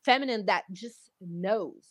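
A young woman hosting a podcast interview, telling a personal story in lively, animated bursts and acting out other people's voices along the way. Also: medium pitch, takes it slowly, no echo. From outside the US. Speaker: podcast host. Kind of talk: casual interview chat.

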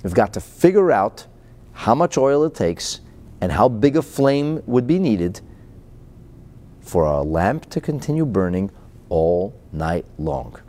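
A man teaching a Chassidic discourse with a mellow, warm tone. His pitch swings widely as he poses rhetorical questions and answers them, chuckling often. He reads out Hebrew phrases and then translates them into English. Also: takes it slowly. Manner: lively, asks rhetorical questions, chuckles between points. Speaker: Torah teacher.

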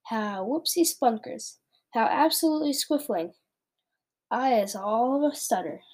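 A woman reading aloud from a children's book, giving voice to a very old, kindly male giant with a playful, drawn-out delivery. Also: on the high side, a little mellow, close to an everyday voice. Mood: bashful.

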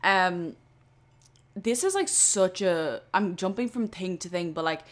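A twenty-year-old podcast host with a fairly low voice speaks a little slowly through a casual solo episode. She's earnest and chatty, filling her talk with "like".

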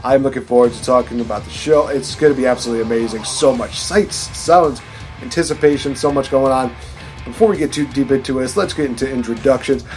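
A man's voice: medium pitch, fairly quick, a little mellow, soft background music. A man hosting a wrestling podcast in a hyped, announcer-like casual chat. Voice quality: hype, announcer-like delivery. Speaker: podcast host.

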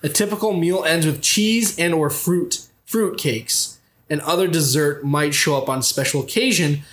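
A man's voice: on the high side, a little slow, a bit bright. A young man co-hosting a casual podcast, reading an article aloud in a mock-formal tone and laughing often. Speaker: podcast co-host.

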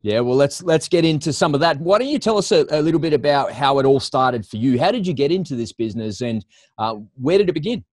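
A man's voice: a little high, lively intonation, fast talker, no room sound, studio quality. A man hosting an interview podcast, upbeat and polished as he reads promos and introduces his guest. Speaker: podcast host.

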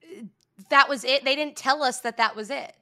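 High-voiced, stammering woman in improv. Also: normal speed, bright, forceful tone. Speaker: improv performer. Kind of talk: improv comedy banter.

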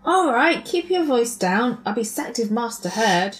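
A woman's voice: on the high side, sing-song, a little slow. A woman doing a snappish kitchen maid. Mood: hushed urgent. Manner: coarse, snappish. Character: defensive, secretive kitchen maid.

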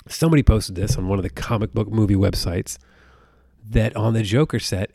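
A man's voice: fairly low pitch, mellow, dry recording, clean studio sound. A man in his thirties from the United States hosting a podcast, ranting casually in a profane, rambling, exasperated way. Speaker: podcast host.

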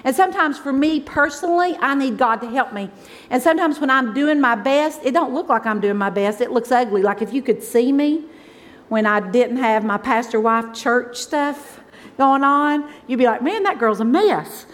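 Woman, 50s, pastor's wife, high bright voice, chatty emotional sermon delivery. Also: moderate pace. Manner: emotional, conversational preaching, swings from loud exclaims to soft asides.

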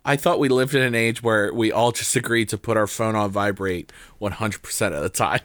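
A tired man co-hosting a comedy podcast, rambling through a story, his voice jumping up and down in pitch and loudness. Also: fairly even intonation, brisk, dry recording. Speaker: podcast co-host.

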